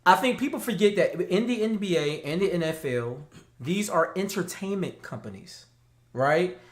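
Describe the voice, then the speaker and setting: Guy with a high voice, casual slangy show chat, laughs a lot. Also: normal speed, echoey room. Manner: animated, laughs often, slangy. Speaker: podcast co-host.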